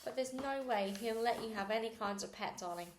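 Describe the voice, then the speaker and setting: A woman reading aloud a storybook and voicing a gentle, anxious mother who coaxes and soothes her daughter with forced cheer. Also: fairly high pitch, a little fast, slight background noise, lightly acted. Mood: gently pleading. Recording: roomy echo.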